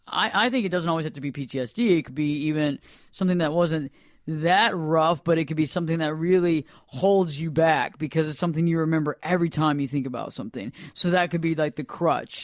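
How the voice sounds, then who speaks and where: High-voiced man explaining in a rambling way. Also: no room sound, studio quality. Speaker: therapist and podcast host. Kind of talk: casual radio talk.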